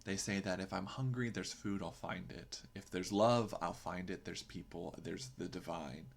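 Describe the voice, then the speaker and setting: Speaking at normal speed in a low-pitched voice with vocal fry, a podcast host reflects on a poem. He's earnest and emphatic, regularly tossing in a rhetorical "right?"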